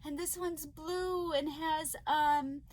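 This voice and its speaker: A woman crochet vlogger chatting casually to viewers as she opens parcels, gushing and excitable with frequent gasps. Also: sits high, slow. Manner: gushing and excitable, gasping often. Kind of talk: casual unboxing chat to viewers.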